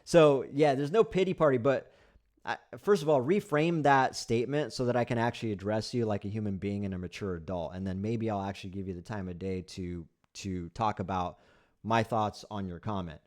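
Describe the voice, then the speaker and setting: A man's voice: lowish voice, a little fast, a little mellow. A man hosting a casual live stream, bluntly critiquing sayings and answering chat comments, repeating himself with many fillers and restarts. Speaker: livestream host.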